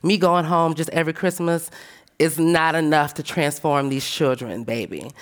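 A woman speaking on a panel, telling animated, emphatic stories in a frank, profane way and calling her listeners "baby". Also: sits low, normal speed. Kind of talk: panel discussion talk.

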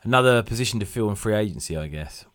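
A man co-hosting a casual sports chat podcast, wry and teasing, with frequent quick agreement. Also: on the low side, lively intonation, fairly bright tone, no echo, clean studio sound. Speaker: podcast co-host.

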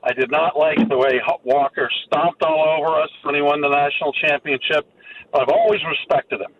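A man, calling in to a radio show and speaking in an earnest, halting way. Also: on the high side. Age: 60s. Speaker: caller. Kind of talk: phone-in call. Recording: muffled phone line with faint noise.

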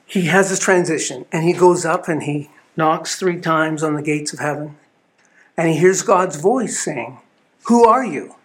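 A man's voice: on the high side, unhurried. A man giving an earnest, storytelling sermon at a spiritual living center. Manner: earnest storytelling with small restarts.

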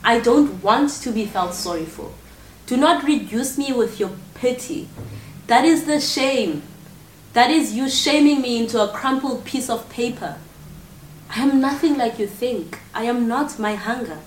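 A woman's voice: a little high, measured pace, slight background noise. A woman performing spoken word poetry in an intense, confrontational way. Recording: echoey room from far off with faint ambience.

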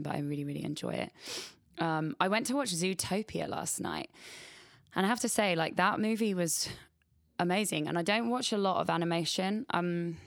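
A woman's voice: low voice, gravelly, dry recording, studio quality. A young woman hosting a radio show, chatting casually and rambling with lots of "like" and swearing. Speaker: radio host. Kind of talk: casual chat. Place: radio studio.

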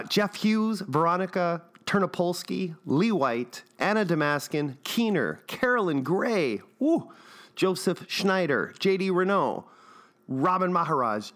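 A man's voice: high-pitched, fairly bright tone. Rambling jokey podcast host, a man. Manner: rambling, jokey, many fillers. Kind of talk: casual podcast intro.

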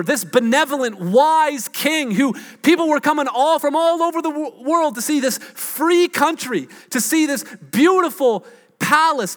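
Male pastor, lively storyteller, higher voice, long hall reverb. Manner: animated storytelling preacher, acts out quotes. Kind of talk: sermon.

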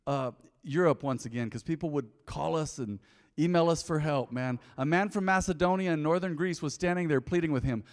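A middle-aged man preaching a sermon in a church, telling candid stories from his own life and building to a loud, fervent prayer. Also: fairly high pitch, brisk. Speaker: pastor. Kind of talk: sermon with personal testimony. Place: church sanctuary. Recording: long church hall reverb.

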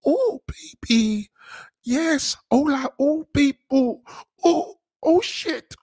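A man doing an over-the-top impression of an excitable young woman, in a squealing falsetto. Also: slow, heavily acted. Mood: breathless. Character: breathless excitable young woman, loud and high.

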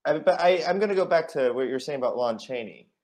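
A man's voice: a little high, animated, fast talker, darkish tone. A man co-hosting a comedic chat show, playing along with the bit in mock-earnest asides. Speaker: podcast co-host.

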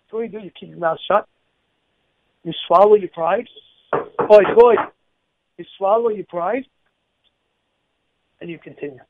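Man, informal moral teacher, fairly high voice, repetitive, rhetorical questions, thin phone-like audio. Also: measured pace, pauses often, no echo. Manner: repetitive, rhetorical questions, acts out quoted people. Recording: tinny phone-like dry recording.

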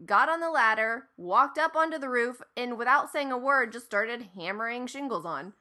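A woman's voice: on the high side, expressive, normal speed, sharp tone. A woman in her thirties from Ohio, telling a family story in casual chat, acting out quoted lines and swearing freely.

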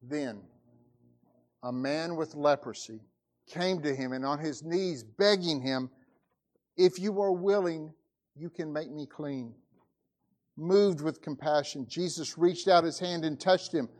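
A male pastor preaching a sermon, dramatic, his voice rising to cries and dropping to a hush. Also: on the high side, slow pace, pauses often.

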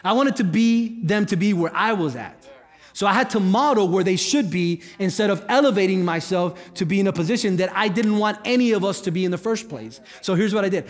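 Higher-pitched male guest pastor preaching. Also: fairly quick. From Cuba. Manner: conversational, joking asides. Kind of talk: sermon. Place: church hall. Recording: long hall reverb with faint music.

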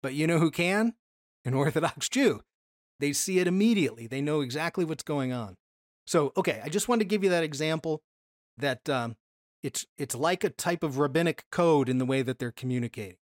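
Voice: medium pitch, lively intonation, brisk, dry recording. Bible study teacher, casual lesson, asks and answers own questions, mid-range voice, dry close sound. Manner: explains patiently, often asks questions and then answers them. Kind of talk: conversational Bible lesson with slides.

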